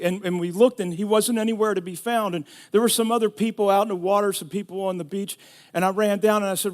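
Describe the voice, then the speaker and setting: Middle-aged male pastor, a bit high-pitched, animated sermon storyteller. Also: fairly quick. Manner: storytelling, rising to shouting in emotional retelling.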